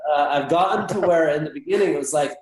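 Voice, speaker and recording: A man talks earnestly and reflectively as a guest, his voice sitting a little higher than usual. He often circles back and restarts his thoughts. The sound carries a noticeable room echo. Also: quick pace. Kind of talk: candid personal conversation. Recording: echoey room.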